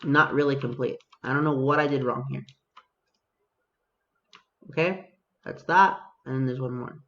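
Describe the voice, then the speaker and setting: A man's voice: mid-range voice, flat delivery, fast talker, sharp tone, highs cut off. A man giving casual, self-mocking commentary over his own gameplay as a video host, talking to himself and his viewers.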